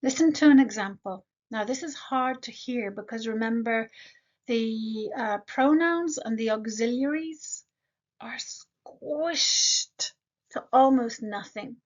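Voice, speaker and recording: Woman teacher going over grammar, kinda high voice, says examples slow and careful, muffled lo-fi sound. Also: a little mellow. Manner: slow, deliberate modeling of example sentences; addresses the learner directly with quick questions. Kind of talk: online grammar lesson.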